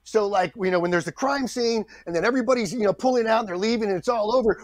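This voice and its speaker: A middle-aged man, a guest actor on a podcast, telling a story in a lively way, acting out the people he quotes and often restarting his sentences. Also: high-pitched, fast talker, hardly any pauses. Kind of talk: anecdotal storytelling in a podcast interview.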